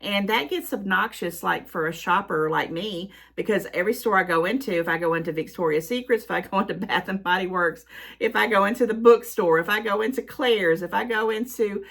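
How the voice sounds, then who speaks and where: A middle-aged woman with a Southern US twang chats her way through a vlog intro. Her voice is bright and lively, and she rambles from one thought to the next, dropping in folksy exclamations as she goes. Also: mid-range voice, brisk, gravelly. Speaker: YouTube host. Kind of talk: chatty haul vlog intro.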